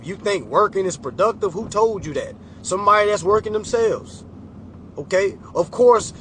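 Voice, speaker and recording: A man's voice: high-pitched, fairly bright tone, slight background noise. A man mentoring his followers in a casual, preachy motivational talk, full of slang and repeated "okay?" checks, speaking from a car. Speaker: financial mentor.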